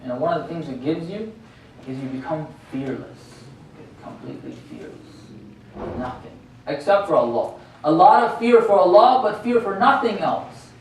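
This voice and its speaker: A man's voice: a little high, animated, moderate pace. A man giving a religious sermon in a mosque hall, talking conversationally and often asking his listeners rhetorical questions. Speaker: sheikh giving a religious lecture. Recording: very echoey hall, voice distant from the mic, faint noise.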